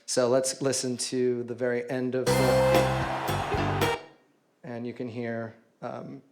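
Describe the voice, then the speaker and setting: A man's voice: mid-range voice, completely flat delivery, measured pace. A young adult man giving a guided listening lecture on a band's jams, counting beats and singing rhythms aloud at an arts venue. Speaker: musicologist lecturer. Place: arts venue event space. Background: music playback.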